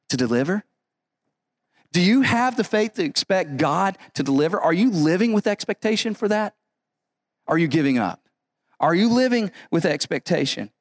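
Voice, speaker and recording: A man's voice: sits high, no room sound, clean studio sound. A man preaching a sermon as pastor, emphatic and repetitive, often restarting his phrases.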